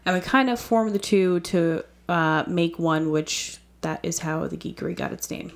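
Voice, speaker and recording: An American woman co-hosting a podcast in a relaxed, chatty way, laughing easily. Her voice sits a little low for a woman. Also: moderate pace, gravelly. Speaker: podcast co-host. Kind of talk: casual podcast chat.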